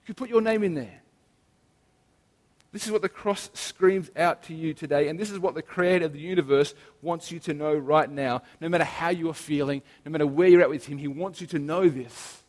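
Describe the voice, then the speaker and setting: A man delivers a sermon with earnest emphasis, drawing out key phrases slowly. His voice sits a little high for a man. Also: big-room sound. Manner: earnest, emphatic preaching with slow stressed phrases. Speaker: preacher.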